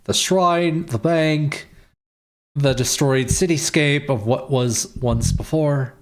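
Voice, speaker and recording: A man's voice: on the high side, takes it slowly. Man reading a game aloud. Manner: playful, reads all characters. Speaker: streamer. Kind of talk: reading a visual novel aloud.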